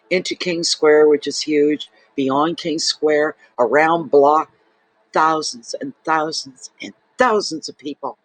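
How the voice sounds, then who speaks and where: A man's voice: on the high side, dry recording, poor audio. A man, a tarot reader and channel host, talking to camera in an emotional, rambling, heartfelt way. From Saint John, New Brunswick, Canada. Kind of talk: casual personal monologue to camera.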